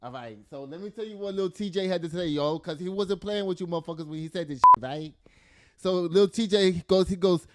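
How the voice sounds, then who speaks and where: A man hosting a casual celebrity gossip show, reading news aloud with animated, profane commentary and frequent laughter. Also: high voice, fairly quick. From the Bronx. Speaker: podcast host.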